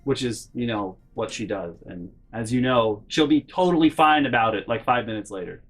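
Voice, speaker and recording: A man with a middle-pitched voice rambles through a personal story, swearing freely and restarting his sentences. His delivery is animated and casual, with faint music playing behind him. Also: moderate pace. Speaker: vlogger.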